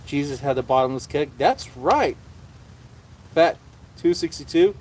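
A man's voice: a little high, animated, a little slow, a little mellow, a little hiss or hum. A man hosting a casual livestream, rambling and swearing freely as he chats. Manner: rambling and profane, with frequent restarts. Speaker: livestream host.

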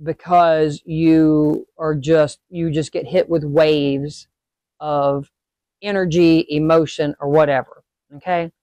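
A woman's voice: sits low, slow pace, no room sound. Chatty woman teaching, dry close sound. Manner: chatty, checks in with "okay?" and "all right?" often; animated when acting out sudden emotions. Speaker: host teaching witchcraft. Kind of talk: casual instructional talk.

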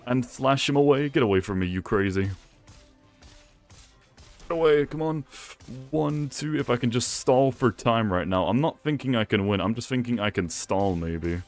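A young man giving excitable gameplay commentary, talking to himself and laughing often. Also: mid-range voice, moderate pace, faint music behind. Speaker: gaming YouTuber.

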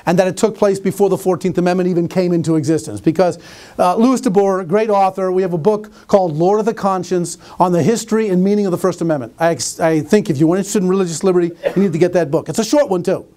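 A man giving a lecture with stories, animated, asking his audience questions and often restarting his phrases. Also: high voice, fast talker. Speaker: conference speaker and teacher. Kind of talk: lecture with storytelling.

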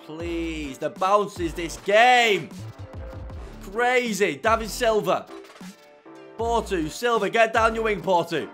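A young man narrates his own football video game match, sliding between low grumbles and bursts of loud celebration. His voice sits a little high for a man, and faint music plays underneath. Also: takes it slowly. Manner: excitable, swings from muttering to shouting. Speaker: gaming YouTuber. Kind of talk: live gameplay commentary.

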